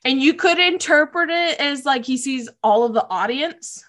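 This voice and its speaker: A woman's voice: high voice, expressive, moderate pace, a bit bright. A woman casually recapping episodes of a show, emotional and gushing, laughing often and saying "like" a lot.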